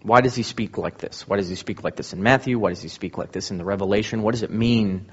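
A man's voice: lowish voice, fast, hardly any pauses, husky, lo-fi sound. A man preaching a sermon, reading scripture aloud and then explaining it with rising emphasis.

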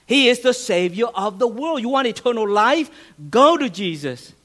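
A man's voice: very high-pitched, lively intonation, normal speed, fairly bright tone. A man preaching a sermon as a pastor, earnest, with restarts and a voice that rises and falls for emphasis.

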